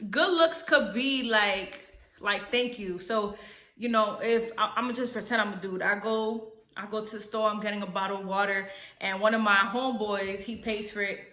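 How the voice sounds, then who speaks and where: A young woman with a New York accent, casually explaining slang to her camera in an animated, playful way. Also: mid-range voice, normal speed, echoey room. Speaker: vlogger. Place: home room by a ring light.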